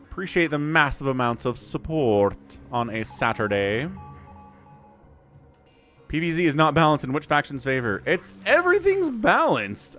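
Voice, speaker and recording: A medium-pitched man casts a live-streamed strategy game, chatting with his viewers and launching into excited play-by-play whenever fights break out.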